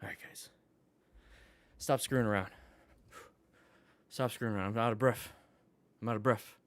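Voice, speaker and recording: A man with a fairly low voice, fairly even intonation and normal speed teaches motorcycle riding over a live stream, in a dry recording. Going through riding videos, he kids around with viewers and coaches with enthusiasm.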